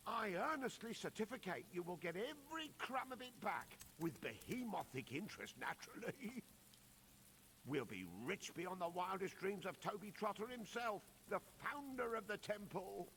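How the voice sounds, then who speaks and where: A man's voice: sits high, animated, normal speed, a bit bright, a little hiss or hum. An actor playing a grandiose male swindler who speaks floridly and mangles big words. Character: pompous male con-man entrepreneur, grandiose.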